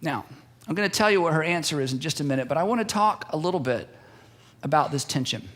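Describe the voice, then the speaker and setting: Male pastor, higher-pitched voice, emphatic sermon delivery with repeated phrases. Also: lively intonation, fast, fairly bright tone. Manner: repetitive, emphatic preaching with acted-out quotes.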